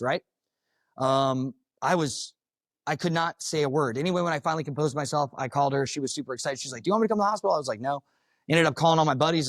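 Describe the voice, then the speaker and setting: A Florida firefighter with a fairly high-pitched voice tells his own story to a live audience in a conference room. His talk is blunt, casual and profane, and the recording has no echo.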